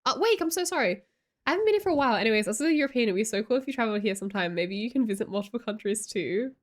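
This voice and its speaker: A woman's voice: on the high side, expressive, very fast. A woman chatting casually on a livestream, reading chat aloud and telling stories with lots of giggles.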